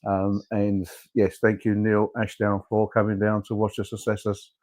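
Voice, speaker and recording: A man's voice: on the low side, monotone, normal speed, a little mellow. A man co-hosting a comedy podcast in casual chat, joking and laughing often. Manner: jokey, laughs often, playful. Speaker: podcast co-host.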